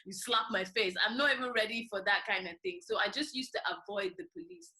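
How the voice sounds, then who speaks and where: A woman's voice: a little high, a little fast, low-quality recording. A woman from Nigeria telling stories in a casual podcast chat, acting out the voices of the people in them. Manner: animated, acts out voices in her stories. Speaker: podcast guest.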